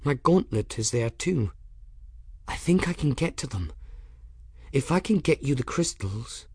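A man reading an audiobook voices a wary, practical young woman speaking in a tense hush. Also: mid-range voice, very animated, a little slow, husky, no echo, studio quality, pitched above the performer's own voice, heavily acted.

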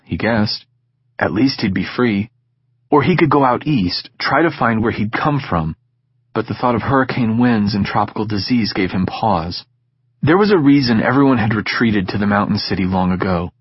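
A man narrating a science fiction audiobook in measured, steady storytelling. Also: on the low side, breathy edge, dry recording, lo-fi sound. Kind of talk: scripted narration.

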